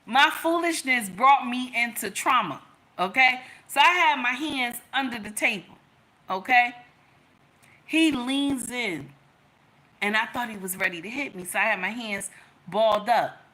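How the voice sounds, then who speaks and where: A woman's voice: a little high, unhurried, sharp tone. A woman giving relationship advice through a personal story, emphatic, repeating lines and calling her listeners y'all and baby.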